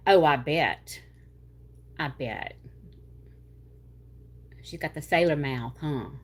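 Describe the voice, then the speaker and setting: A rambling, chatty woman with a Southern drawl from North Louisiana, hosting a casual livestream. Her voice sits a little low for a woman, and she stretches out words and tosses in y'all as she reads comments. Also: drawn-out words, slightly rough. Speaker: livestream host. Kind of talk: casual chat reading viewer comments.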